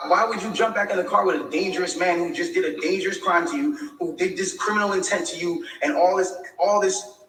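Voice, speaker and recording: Man, bright higher voice, defensive long explanation, echoey room, far from the mic. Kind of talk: livestream monologue.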